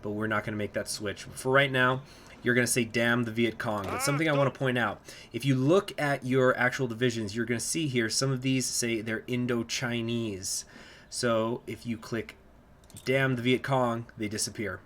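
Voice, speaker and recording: A man at a home desk mic talks a listener through a strategy game in a relaxed, explanatory way, thinking aloud with frequent filler pauses. His voice sits at an ordinary middle pitch, and a faint hum of ambient noise runs underneath. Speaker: strategy game guide host. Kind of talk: casual gameplay walkthrough commentary.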